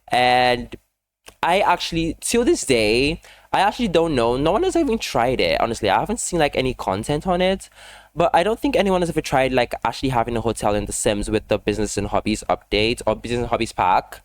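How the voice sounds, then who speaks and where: Fast-rambling chatty young man. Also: mid-range voice, sing-song, slight background noise. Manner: rambling, fast-talking, self-deprecating, many fillers. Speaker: gaming YouTuber. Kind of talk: casual chatty voice-over over a speed build.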